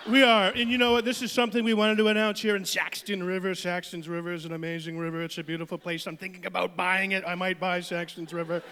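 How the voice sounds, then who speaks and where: A man's voice: high-pitched, level tone, fast, few pauses, bright, forceful tone, a little hiss or hum. A man doing an impression of a boastful, blustering male politician on a comedy stage. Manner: bragging, repetitive catchphrases. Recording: long hall reverb.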